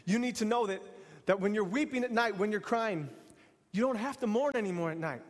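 A man's voice: high voice, fairly quick, big-room sound. A man preaching an earnest sermon in repeated, building phrases. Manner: earnest, repetitive, building to exhortation.

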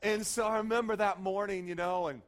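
A man in his forties preaching a sermon as pastor, telling stories with lively acted-out voices and sudden shouts. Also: high-pitched, fairly quick. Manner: animated storytelling, acting out voices and shouts.

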